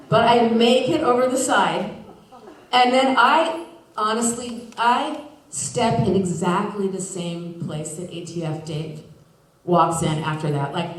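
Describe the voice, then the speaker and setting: A woman from Washington State telling a personal story live on a theater stage, chatty and full of "like" and restarts, laughing through her lines. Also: medium pitch. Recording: echoey theater, voice from far off.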